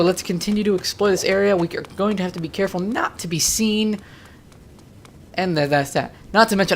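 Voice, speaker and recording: A woman's voice: lowish voice, slight background noise. A woman from New York with a light New York accent, giving playful, chatty commentary on a video game. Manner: playful, chatty, jokey asides. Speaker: let's player.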